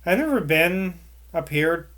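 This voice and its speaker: A man's voice: on the high side, expressive, a little slow, a bit bright, voice pushed up. A man voicing an eager, earnest young man who talks emphatically.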